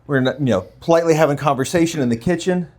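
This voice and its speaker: A man hosting a casual podcast chat, telling a story with lively acted-out quotes. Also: on the high side, very fast. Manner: animated storyteller, acts out quotes. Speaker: podcast host.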